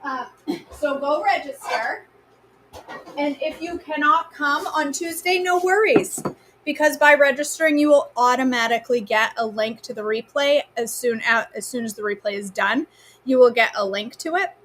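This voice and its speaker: A woman with a Maine accent talks as she cooks on a live stream in her home kitchen. Her voice sits a little high, and there is a faint hum behind her. She keeps up a chatty, teasing patter and calls viewers by name. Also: moderate pace, fairly bright tone. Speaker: host of a live cooking stream. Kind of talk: casual live-stream chat.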